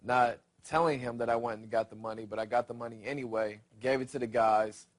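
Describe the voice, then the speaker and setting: A man calmly explaining his side of a story in a documentary interview. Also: medium pitch, fairly quick.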